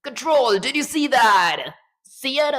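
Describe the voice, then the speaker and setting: A hyped male radio announcer, put on by a man calls a knockout in loud, punchy bursts, pitched well above a normal speaking voice. The lines come out loud and driven. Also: lively intonation, slow, exaggerated voice.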